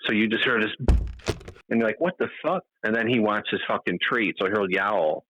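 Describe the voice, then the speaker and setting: A man's voice: lowish voice, fairly even intonation, normal speed, lo-fi sound, a little hiss or hum. A man co-hosting a casual podcast chat, laid-back and sweary, laughing often. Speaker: podcast co-host.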